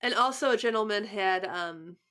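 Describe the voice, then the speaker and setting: A young woman co-hosts a podcast in casual chat, laughing often and restarting her sentences. Her voice is medium in pitch and bright, with a forceful tone, and she talks at a normal speed.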